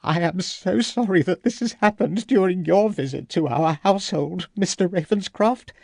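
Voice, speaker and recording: A woman's voice: on the low side, moderate pace, vocal fry, darkish tone, dry recording, clean studio sound, voice pushed up. A man putting on a distressed genteel widow. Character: distressed genteel widow, soft-spoken hostess.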